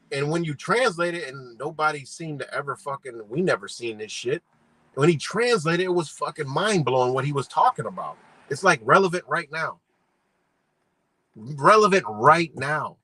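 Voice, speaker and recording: A man with a husky, somewhat high voice and a sharp, forceful edge rants on his live stream. He rambles, swears heavily and uses loose slang, throwing rhetorical questions at the viewer. The sound is close and dry. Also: no echo, poor audio. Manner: profane, rambling, slangy, heated. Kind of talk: casual live-stream rant.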